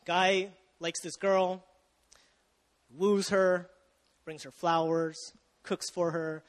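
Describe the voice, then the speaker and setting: High-voiced young preacher in an echoing hall. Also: male voice, little pitch movement, extremely slow. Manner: casual, chatty, asks the audience questions, self-interrupting. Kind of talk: sermon.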